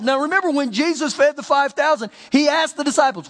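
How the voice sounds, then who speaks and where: A man's voice: very high-pitched, brisk, in a large hall. A male pastor preaching a sermon, acting out the voices of the people in his stories. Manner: animated preaching, acts out the voices in stories and scripture.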